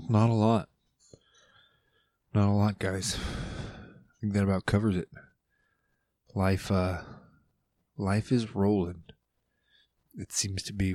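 A man's voice: on the low side, a little mellow, no room sound. A man hosting his own podcast, rambling loosely and swearing casually, with playful asides. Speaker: podcast host. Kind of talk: casual solo podcast chat.

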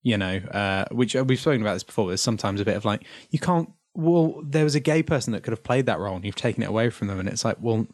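Rambling man, low and dry. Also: animated, quick pace, few pauses, no echo. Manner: rambling, self-interrupting, chuckling. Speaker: podcast host. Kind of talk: casual chat.

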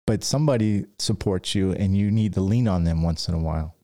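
Mellow low-voiced man giving casual advice. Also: fairly quick. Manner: rambling, with restarts and acted-out stories. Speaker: podcast host, dent repair business owner.

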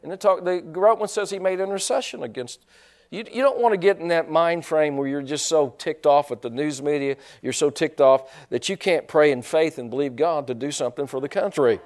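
A man's voice: fairly high pitch, brisk. A man preaching a sermon in a folksy, joking way, restarting his sentences often. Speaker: pastor.

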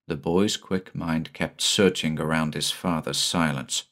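A man narrating a horror short story in a measured, somber way. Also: extremely low pitch, steady tone, a bit bright. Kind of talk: audiobook narration.

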